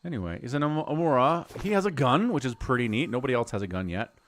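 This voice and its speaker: A man's voice: mid-range voice, big pitch swings, quick pace, a bit bright. A middle-aged man streaming a role-playing game, chatting casually and rambling as he explains the story. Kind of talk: casual live-stream commentary.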